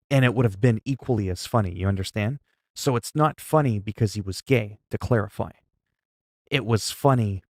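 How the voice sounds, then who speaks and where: A man's voice: medium pitch, no echo. A man livestreaming, chatting casually with his viewers and telling a story, often laughing and stumbling over his words. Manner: laughing, storytelling, halting restarts.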